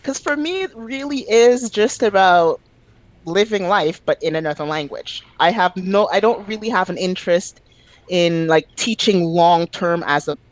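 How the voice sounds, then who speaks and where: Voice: mid-range voice, moderate pace, dry recording, poor audio. A podcast guest speaking casually and emphatically, full of fillers, about their own language business. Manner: opinionated, emphatic, frequent fillers.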